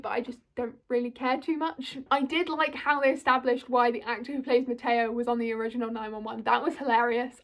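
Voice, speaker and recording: Chatty high-voiced British woman. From United Kingdom. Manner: chatty, apologetic asides, lots of "like". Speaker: video essay creator. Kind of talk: casual fandom video essay.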